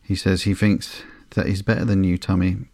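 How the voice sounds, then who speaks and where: A man hosting a sleepy podcast, reading through a comic slowly and flatly with frequent ums and uhs. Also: low-pitched, no echo, clean studio sound. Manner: slow, flat and unhurried, with frequent ums and uhs. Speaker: podcast host.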